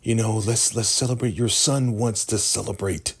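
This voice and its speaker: A man's voice: on the low side, steady tone, normal speed, breathy edge, voice pushed up. A man voicing a scheming woman who coaxes and placates in a raised voice. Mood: coaxing. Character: scheming calm woman soothing a madman.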